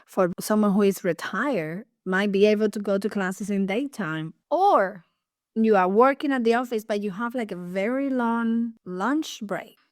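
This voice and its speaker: A woman with a Cuban accent chats on a podcast as co-host, lively and quick to laugh. Her voice sits at a middle pitch, recorded close and dry with no room sound. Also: dry recording. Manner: animated, laughs often. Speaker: co-host, ballet teacher. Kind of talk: casual podcast chat.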